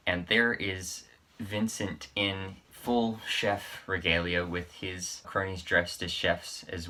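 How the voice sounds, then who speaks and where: A man's voice: deep voice, sharp tone. A man casually recapping a gory death scene from a horror film, rambling and amused by the gore. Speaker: horror vlogger.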